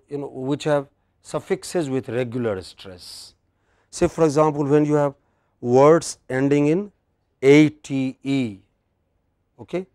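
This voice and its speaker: An Indian English pronunciation teacher gives a classroom lecture, drilling word stress and quizzing his students in an Indian English accent. His mid-range voice has a darkish tone, recorded clean in a studio with no echo.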